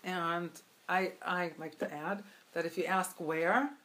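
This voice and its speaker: A woman telling a Hasidic tale at a gathering, animated and chatty, with many asides and fillers. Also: fairly low pitch, slow pace. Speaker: storyteller. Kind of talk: spoken Hasidic storytelling. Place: event gathering.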